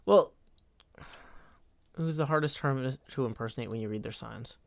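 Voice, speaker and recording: A man's voice: mid-range voice, normal speed, gravelly, no echo. A man live-streaming a game, reading chat messages aloud and answering them in a wry, self-deprecating way.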